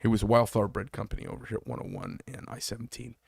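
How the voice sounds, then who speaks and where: A man's voice: on the low side, flat delivery, fast talker, vocal fry, a little mellow, breathy edge, no room sound, clean studio sound. Blunt, profane middle-aged man. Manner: blunt, profane, mocking storyteller. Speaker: knife shop owner and host. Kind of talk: casual chat.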